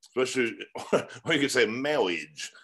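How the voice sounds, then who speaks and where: A man's voice: lowish voice, animated, normal speed, a bit bright. A man in his forties coaching newcomers in a loose, motivational way. His voice rises and falls a lot, and he keeps circling back with rhetorical questions and filler words. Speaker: real estate mentor. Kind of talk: casual motivational teaching.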